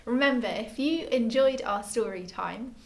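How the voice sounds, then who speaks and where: A woman reading a children's picture book aloud at a library story time, with lively expression. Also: on the high side, unhurried.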